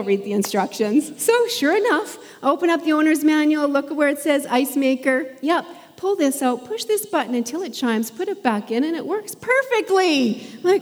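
Woman preacher, chatty sermon delivery, slightly high voice, long hall echo. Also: animated, fairly quick, a little mellow. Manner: conversational with laughs and fillers.

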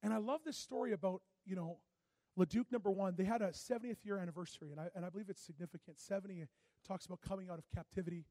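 A man preaching a fervent sermon, rising to shouted exhortations and calling for responses from the congregation. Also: sits high, fast, dry recording.

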